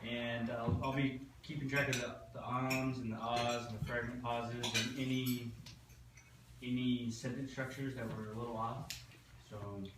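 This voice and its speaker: A man's voice: mid-range voice, little pitch movement, moderate pace, background noise. A man explains his grammarian duties at a meeting, hesitant and self-deprecating. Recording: echoey room from far off with clatter.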